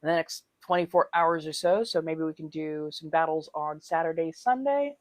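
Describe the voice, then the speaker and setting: A woman's voice: low-pitched, moderate pace, no room sound, clean studio sound. Chatty woman hosting a livestream. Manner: chatty, laughs often, greets viewers warmly as darlings. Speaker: livestream host. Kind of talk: casual livestream chat.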